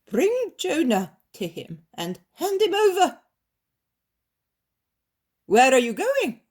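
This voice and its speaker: A woman voicing a greedy, boastful rich male landowner with a squeaky, shrill voice. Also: wildly swooping pitch, slow pace, a little mellow, exaggerated voice. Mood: frantic. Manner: shrill, pleading and blustering.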